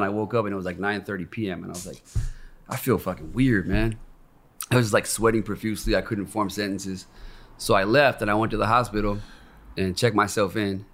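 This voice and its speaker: A man's voice: fairly low pitch, a bit bright. A man, a podcast guest, telling a personal story in casual, candid talk full of swearing and acted-out quotes. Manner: profane and candid, acts out quoted voices.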